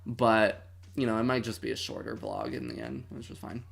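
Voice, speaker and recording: In a creaky, sing-song mid-range voice at normal speed, a streamer in their twenties chats casually through a movie watch-along. They lean into drama and mock outrage.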